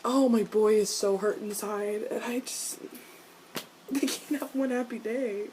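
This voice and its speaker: Brief: excitable woman reviewer, casual and profane, mid-pitched, noisy home recording. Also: unhurried. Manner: excitable, swears often, shifts into exasperated rants. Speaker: video reviewer. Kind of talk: casual TV episode reaction.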